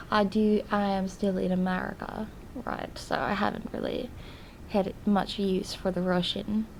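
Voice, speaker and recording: A young woman voicing an earnest, lonely diarist who confides in her viewers in a hesitant, soft-spoken way, often drifting into whispers. Her voice sits at a middle height, and she talks slowly with long pauses. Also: mid-range voice, vocal fry, a little hiss or hum, low-quality recording. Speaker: diary vlogger character. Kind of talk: in-character diary vlog.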